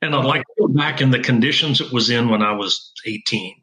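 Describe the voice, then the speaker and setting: A man's voice: medium pitch, brisk, sharp tone, low-quality recording. A middle-aged man who designs golf wedges, telling stories in an interview with an emphatic, self-assured manner. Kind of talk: interview conversation.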